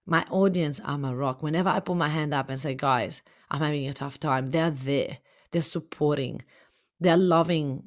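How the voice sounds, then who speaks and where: Low-voiced impassioned woman coach. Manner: impassioned, repetitive. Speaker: business coach. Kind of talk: motivational podcast talk.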